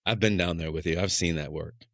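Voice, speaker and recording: A man with a very low voice hosts an interview. He speaks in a halting, reflective way and uses many fillers. The sound is dry and close. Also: a bit bright, no room sound. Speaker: podcast host. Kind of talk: interview conversation.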